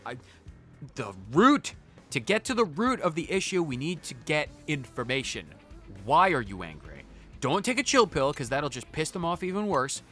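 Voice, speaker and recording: A male streamer talks over his gameplay in an animated, joking manner, often tripping over his words. His voice is bright and forward, with lively swings in pitch. Faint game music plays behind him. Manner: animated, joking, stammering restarts. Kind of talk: casual gaming commentary.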